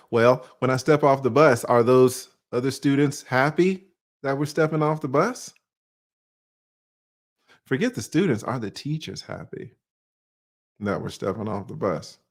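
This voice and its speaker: Southern man in his forties giving his opinion. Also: mid-range voice. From Atlanta, US South. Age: 40s. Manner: conversational, poses rhetorical questions, uses slang. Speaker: online commentator. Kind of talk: casual monologue commentary.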